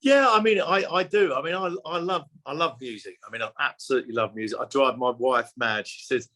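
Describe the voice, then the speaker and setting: A man, a musician guest chatting warmly and effusively in an interview, with many restarts. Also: mid-range voice, brisk, hardly any pauses. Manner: effusive, repeats words and restarts, laughs often. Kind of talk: casual interview chat.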